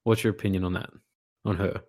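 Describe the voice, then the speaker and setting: A man co-hosting a casual film chat, playful and quick to mimic characters. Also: low voice, level tone, a little mellow. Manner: playful, puts on voices for jokes. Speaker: podcast co-host.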